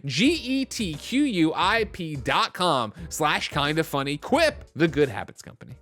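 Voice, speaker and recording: A man hosting a podcast, reading sponsor ads in a playful, exaggerated pitchman style. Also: sing-song, measured pace, a bit bright. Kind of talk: upbeat ad read.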